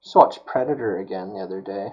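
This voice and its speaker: A man's voice: low voice, quick pace, a little mellow, highs cut off. A man chatting casually while building a prop on a live stream, rambling and full of fillers. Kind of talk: casual chat while working.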